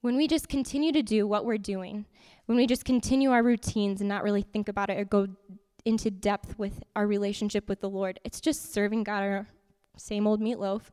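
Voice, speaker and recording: A woman giving an interactive youth sermon in a church hall, lively and repeating her points to keep the group's attention. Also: medium pitch, fairly quick, clear, resonant tone. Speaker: youth teacher. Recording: long hall reverb.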